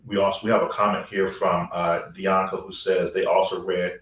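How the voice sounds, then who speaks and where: A man with a lowish voice hosts a book club talk and reads out comments in an easygoing way. He sounds a little far from the mic, in a roomy space. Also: flat delivery, normal speed, fairly bright tone. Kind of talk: moderating a discussion. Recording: echoey room, from a distance.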